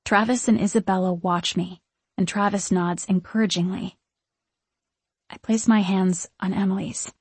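Woman audiobook narrator, first person, expressive; husky voice, dry close recording. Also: mid-range voice, moderate pace, no room sound.

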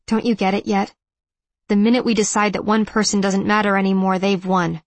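Terse teenage girl soldier, read by a woman, guarded, flat delivery, dry close sound, audiobook. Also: mid-range voice, a little fast, no room sound, natural voice.

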